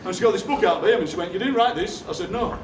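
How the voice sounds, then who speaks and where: A man, telling comic stories to a live theatre audience in a deadpan way. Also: high voice, very fast, a little hiss or hum. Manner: deadpan anecdotes, acting out other people's lines. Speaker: poet performing on stage. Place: theatre stage. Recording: roomy hall from a distance. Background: audience laughter.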